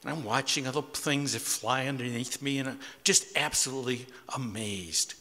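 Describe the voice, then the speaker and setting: Bright-voiced man in his sixties telling a story. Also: medium pitch. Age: 60s. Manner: conversational, unhurried, wry. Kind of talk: live personal storytelling on stage. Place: community center hall with audience. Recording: long hall reverb.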